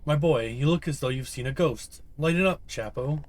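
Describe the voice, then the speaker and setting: A man's voice: fairly high pitch, moderate pace, natural voice. A man voicing a jovial but menacing older asylum doctor who talks in a smug, teasing way.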